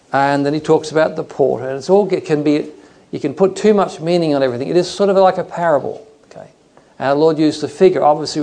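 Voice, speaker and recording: A middle-aged preacher delivers a sermon in a relaxed, storytelling way. His voice sits slightly high and has a gravelly edge. He jumps into silly voices and animal noises to act out his anecdotes.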